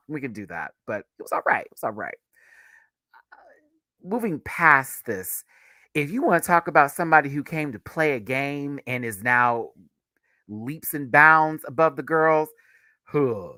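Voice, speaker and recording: A young man hosting a casual review video, talking in an animated, sassy way with frequent laughter. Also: mid-range voice, dry recording. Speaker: reaction video host.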